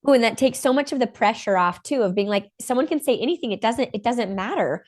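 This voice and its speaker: A woman hosting a podcast, chatting casually and upbeat about spiritual topics with quick asides. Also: on the high side, lively intonation, a little mellow. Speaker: podcast host.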